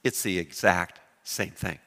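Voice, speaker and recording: A man preaching a sermon, lively and animated, often putting questions to his congregation. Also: deep voice, measured pace, long reverb tail. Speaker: pastor.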